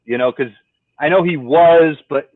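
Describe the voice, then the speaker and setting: Male podcast co-host, profane and animated, tinny call audio, dry sound. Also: on the high side, a little slow, no echo. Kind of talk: casual chat. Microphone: remote call.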